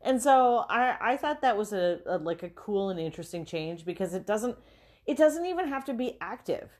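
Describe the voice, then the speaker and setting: A woman co-hosting a podcast, chatting casually about a film with frequent fillers and quick laughs. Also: mid-range voice, expressive, a little mellow. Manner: chatty, lots of fillers and swearing, laughs often. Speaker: podcast co-host.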